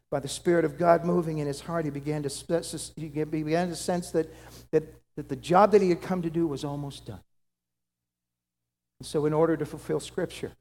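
A pastor preaching a dramatic sermon that swings from loud to hushed. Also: male voice, fairly high pitch. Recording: long hall reverb.

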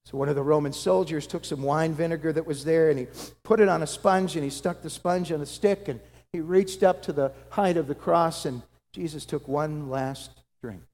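Male pastor, dramatic sermon storyteller, slightly high voice, long church reverb. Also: steady tone, normal speed. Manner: dramatic, swings from loud to hushed.

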